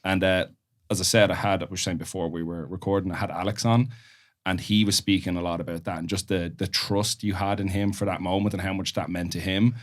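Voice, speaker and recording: Deep-voiced fast-talking Irish podcast host. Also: male voice. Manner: relaxed, encouraging, sums up the story before asking. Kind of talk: casual interview chat.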